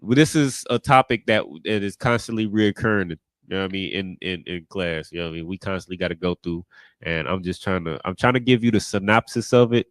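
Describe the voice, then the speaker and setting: A man's voice: low-pitched, a little fast, no echo. A man teaching a scripture class in a casual, conversational way, often repeating "you know what I mean".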